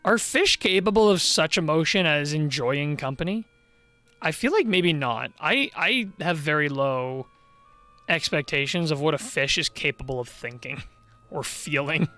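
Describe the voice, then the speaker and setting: A rambling, easy-laughing man chatting through a live-streamed game in a somewhat high voice. His voice sounds tired and worn from long streams. Faint game music sits in the background. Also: animated, a little slow, sharp tone. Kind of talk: casual live-stream commentary while gaming.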